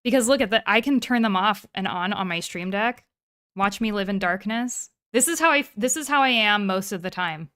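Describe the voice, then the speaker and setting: A woman streamer co-hosting a podcast in casual chat, animated and rambling, swearing freely. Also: mid-range voice, moderate pace, clear, resonant tone.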